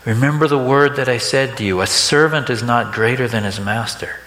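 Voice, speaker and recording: A man's voice: mid-range voice, fairly quick, sharp tone. A man preaching a sermon, talking to the congregation in a conversational way and often checking in with rhetorical questions. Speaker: pastor. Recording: echoey hall reverb.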